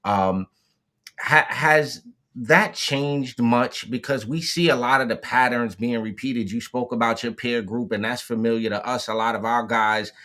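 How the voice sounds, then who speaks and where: A man's voice: medium pitch, steady tone, a little slow, sharp tone. A man co-hosting a podcast, asking a guest casual, searching questions. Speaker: podcast co-host. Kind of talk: interview conversation.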